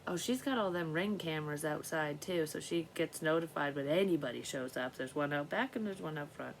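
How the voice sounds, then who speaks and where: A woman's voice: low voice, a little fast, vocal fry, slight background noise, low-quality recording. A woman vlogging in a rambling, profane monologue, talking to herself and now and then dropping into a whisper. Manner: profane, scattered, talks to herself, drops into whispers. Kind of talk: rambling psychic vlog monologue.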